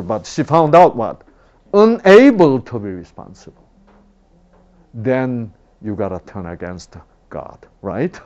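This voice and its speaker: Man preaching, lively swooping pitch, slow delivery, dull lo-fi sound. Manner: animated, rhetorical questions, swings from loud to hushed. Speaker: father. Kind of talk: sermon.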